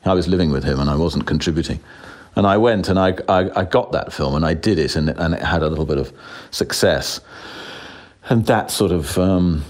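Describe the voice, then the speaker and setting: A man's voice: low voice, normal speed. A man in his sixties, an actor talking as a guest in a casual interview, self-deprecating with frequent chuckles and restarts.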